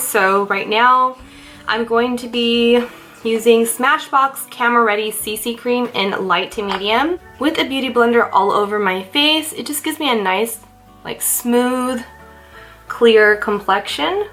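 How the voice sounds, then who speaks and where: A woman's voice: fairly high pitch, normal speed, a bit bright, poor audio. A young woman chatting casually through her makeup routine in a vlog, self-mocking and a little out of breath. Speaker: beauty vlogger. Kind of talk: casual get-ready-with-me makeup chat. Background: faint background music.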